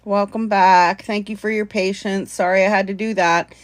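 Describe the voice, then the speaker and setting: A woman hosts a live stream and comments on clips in an earnest, conversational way, pausing to thank viewers. Her voice sits at a middle pitch and sounds dry and close. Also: steady tone, dry recording. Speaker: livestream host.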